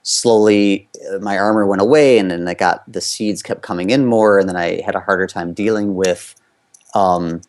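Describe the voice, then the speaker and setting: Guy from the states, kinda low voice, just chatting through an old story, lots of um and you know. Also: fairly even intonation, moderate pace. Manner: conversational, frequent fillers, loose run-on phrasing. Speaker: interview guest, former competitive skater. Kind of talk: candid personal storytelling.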